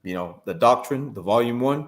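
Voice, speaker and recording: A man's voice: medium pitch, animated, brisk. A man on a podcast as a guest, answering in a plain-spoken, direct way and giving advice. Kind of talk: casual interview answer.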